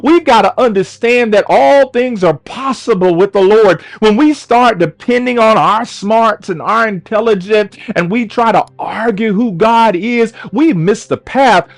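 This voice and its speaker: A man's voice: sits high, low-quality recording. A man preaching a sermon with fervent delivery, his voice rising into cries at the peaks. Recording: faint music behind.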